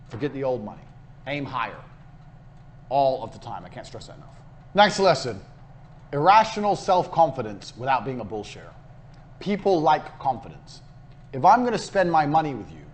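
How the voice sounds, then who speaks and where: A brash young British man delivers a motivational business lesson, blunt and peppered with swearing. He acts out quick sales exchanges as he goes. A faint hum of noise sits under his voice. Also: medium pitch. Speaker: business course speaker. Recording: faint background noise, played in a game server.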